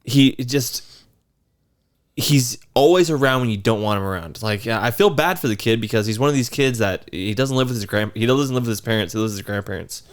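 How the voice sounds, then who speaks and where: A man's voice: mid-range voice, brisk. Rambling man telling a story. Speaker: podcast co-host. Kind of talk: casual storytelling chat.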